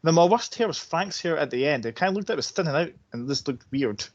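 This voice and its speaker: A man's voice: on the high side, animated, quick pace. A man co-hosting a podcast, running through his film award picks in a wry, casual way. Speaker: podcast co-host. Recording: dull lo-fi podcast audio.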